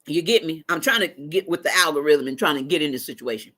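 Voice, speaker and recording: A woman's voice: deep voice, fast. A woman hosting a casual live stream who tells stories with lots of laughter and talks back to her chat. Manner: animated storytelling, laughs often.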